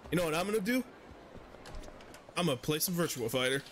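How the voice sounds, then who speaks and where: A young man talks through a video game in a laid-back, swearing commentary style. His voice moves around lively in pitch. He chats easily and laughs often. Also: a little fast, a little hiss or hum. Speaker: streamer. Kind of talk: casual let's-play commentary.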